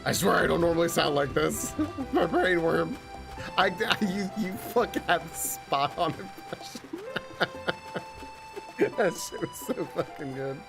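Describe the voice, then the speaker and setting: Animated swearing male streamer. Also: fairly high pitch, unhurried, gravelly, pauses often. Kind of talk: live game stream commentary. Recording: game music behind.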